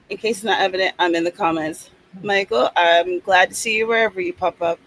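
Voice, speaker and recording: A woman's voice: medium pitch, moderate pace, poor audio. A woman hosting a live writing stream, chatting casually and reading out viewers' comments. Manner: chatty, reads out comments, playful asides.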